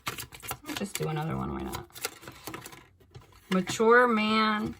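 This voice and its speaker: A woman doing a casual tarot reading, blunt and animated, swearing freely and laughing between cards. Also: mid-range voice, slow, long pauses, slight background noise. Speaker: tarot reader.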